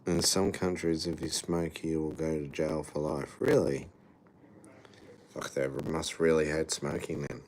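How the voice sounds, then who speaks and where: A man with a very deep voice drawls slowly through a laid-back, profane livestream chat with his viewers. A faint background hum sits under his talk. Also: flat delivery, a little mellow.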